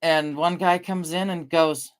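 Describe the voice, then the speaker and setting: A woman's voice: deep voice, steady tone, measured pace. A middle-aged woman from the American Northwest, chatting casually on a livestream. She rambles through anecdotes, swears casually and answers her chat.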